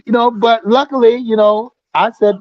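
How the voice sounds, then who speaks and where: Male co-host, high voice, relaxed banter, dry close recording. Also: normal speed, dry recording, highs cut off. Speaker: co-host, musician. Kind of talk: casual talk show banter.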